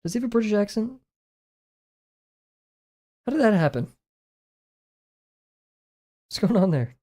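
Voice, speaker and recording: Young streamer rambling while they draw, kinda mutters to themself, pokes fun at themself, warm low-key voice. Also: big pitch swings, unhurried. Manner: rambling, self-deprecating, muttering to self. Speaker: livestreaming artist. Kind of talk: casual chat while drawing on a livestream.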